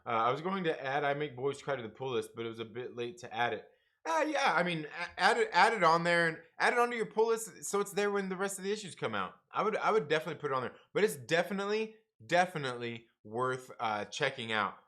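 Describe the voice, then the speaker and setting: A man's voice: fairly high pitch, expressive, fast, pushed and bright. A man hosting a comics livestream, chatting casually with viewers, laughing often and calling people man and bro. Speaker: comics review livestream host.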